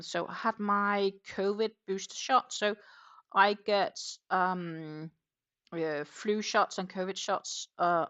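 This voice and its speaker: A woman's voice: lowish voice, fairly bright tone, dull audio. Woman, Danish, mixed accent, casual livestream chat, chatty, many fillers. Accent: mixed Danish, Dutch and English. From Denmark. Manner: chatty, reads viewer comments aloud, many fillers. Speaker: crochet live streamer. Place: at home.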